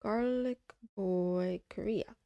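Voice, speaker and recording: Casual young woman streamer with vocal fry. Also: medium pitch, slow pace, mellow, dry recording. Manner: rambling, curious, thinks aloud, trails off. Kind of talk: casual livestream chat.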